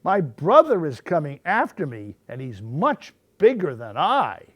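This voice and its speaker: A nervous middle-sized billy goat pleads to be spared, as a man reads it out. His pitch swings lively and the sound is close and dry. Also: unhurried, no echo, heavily acted. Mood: pleading.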